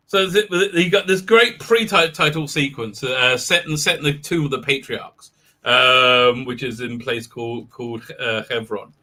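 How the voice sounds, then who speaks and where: A man's voice: a little high, pushed and bright. A man hosting a casual live stream, talking in a rambling, sardonic way with many restarts.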